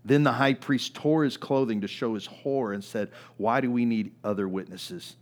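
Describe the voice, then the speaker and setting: A pastor delivers his sermon conversationally, frequently asking "right?" and swinging between loud, emphatic peaks and quiet, low passages. He speaks at a normal pace.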